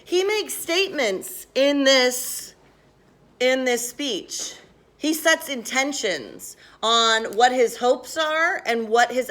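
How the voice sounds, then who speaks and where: A woman teaching a class, brisk and directive, quizzing students with questions. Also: high voice, a bit bright.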